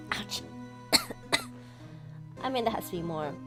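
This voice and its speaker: A young woman streaming a game from home, chatting expressively and reacting, with a scratchy throat from coughing. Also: lowish voice. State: coughing, something stuck in her throat. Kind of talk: casual live-stream commentary. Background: background music.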